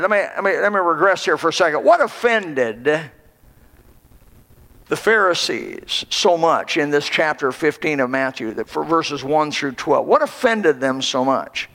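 A male pastor preaches with impassioned, swelling emphasis. His voice sits high for a man and carries a gravelly edge. The long reverb of a church hall rings behind every phrase. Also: sing-song, a little slow, fairly bright tone. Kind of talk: sermon. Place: church sanctuary.

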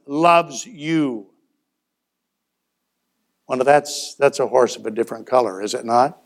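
Preaching to a congregation, this man tells his sermon as folksy stories, his voice a bit high for a man. He performs short exchanges, swinging between loud and quiet, speaking a little slowly with long pauses.

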